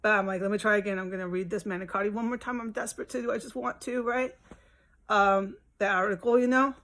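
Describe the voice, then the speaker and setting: An exasperated woman rambles through a profane, venting monologue from her home. Her voice sits at an ordinary middle pitch, and she talks the way people do in a casual vlog. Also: steady tone, fast talker, a bit bright. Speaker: vlogger.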